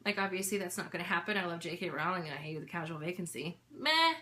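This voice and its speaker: A woman's voice: on the low side, expressive, quick pace, pushed and bright. A young woman vlogger giving a casual, candid book review, talking in a chatty way with lots of fillers.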